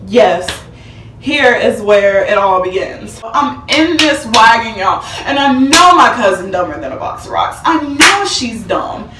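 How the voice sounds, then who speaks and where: A woman's voice: fairly high pitch, unhurried, reverberant, recorded from a distance, a little hiss or hum. A young woman telling a dramatic storytime vlog, acting out quotes with bursts of laughter. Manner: animated, dramatic retelling with acted-out quotes and laughter. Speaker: vlogger.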